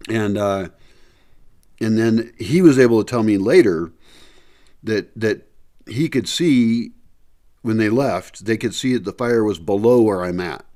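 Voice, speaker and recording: A man vlogs to his camera at home before dawn, his low-side, slightly mellow voice moving at a measured pace broken by long pauses. He rambles and thinks aloud with many fillers, speech a little muffled by a candy.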